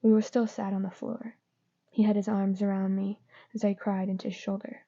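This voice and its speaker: Woman reader, fan fiction; subdued, monotone, muffled lo-fi audio. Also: mid-range voice, normal speed. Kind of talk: reading fan fiction aloud. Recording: dull lo-fi recording.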